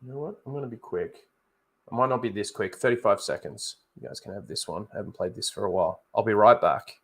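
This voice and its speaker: A man's voice: fairly low pitch, fast, a bit bright. A man hosting a casual livestream, rambling, correcting himself and talking straight to his viewers. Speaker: livestream host.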